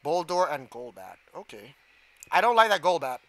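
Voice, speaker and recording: A man streaming a game live, giving excitable commentary, gasping, shouting and swearing at the screen. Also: a little high, normal speed, no room sound.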